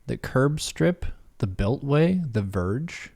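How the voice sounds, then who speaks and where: A man's voice: mid-range voice, very animated, takes it slowly, creaky, darkish tone. A man streaming live, reading quiz questions aloud and musing over each answer in a casual way. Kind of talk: casual livestream commentary.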